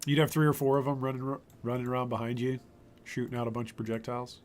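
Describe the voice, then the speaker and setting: A gaming streamer casually comments live while he plays, thinking aloud and letting sentences trail off as he loses his voice. It's a mid-range, slightly mellow voice with a steady tone, and he talks fast.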